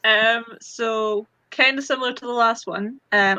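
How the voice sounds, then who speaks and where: A woman's voice: on the high side, a little slow, pushed and bright, a little hiss or hum. A woman in a casual group chat, hesitant and laughing as she talks.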